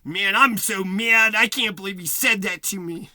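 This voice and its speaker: A man's voice: sits high, normal speed, bright, forceful tone, no room sound, studio quality. A man delivering a profane, agitated rant to camera, repeating himself and swearing heavily. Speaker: vlogger.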